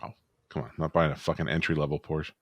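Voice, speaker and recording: Low-voiced man swearing through casual podcast banter. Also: flat delivery, fast talker, slightly rough, no room sound, highs cut off. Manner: profane, storytelling banter. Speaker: podcast co-host. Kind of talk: casual chat.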